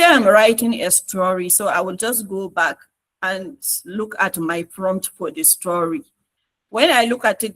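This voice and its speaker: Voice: mid-range voice, a bit bright, low-quality recording. Coaxing trainer with a Nigerian English accent. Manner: repetitive, coaxing instruction with frequent checks on listeners. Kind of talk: online tutorial walkthrough.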